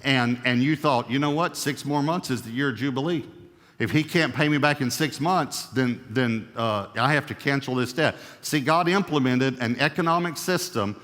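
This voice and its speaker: Guy preaching a sermon, mid-pitched, punchy swings up n down, long hall reverb. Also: normal speed, a bit bright. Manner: emphatic, rising and falling in pitch and volume. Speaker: pastor.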